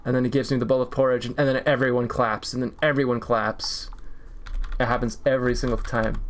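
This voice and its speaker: A young man chats casually on a stream while he draws, at an ordinary mid pitch. He rambles from one jokey tangent to the next and laughs often. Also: flat delivery, a little fast. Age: 20s. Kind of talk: casual chat while drawing.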